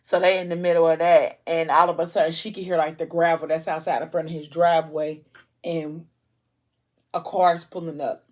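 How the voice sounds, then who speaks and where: A woman talking casually while she snacks at home, recapping a story in a loose, chatty way. She fills her sentences with "like" and keeps slipping back into the scenes. Her voice sits a little low for a woman. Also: level tone, normal speed, darkish tone. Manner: chatty, retells scenes with lots of "like". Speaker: vlogger retelling a book's plot. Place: at home, eating a fruit tray.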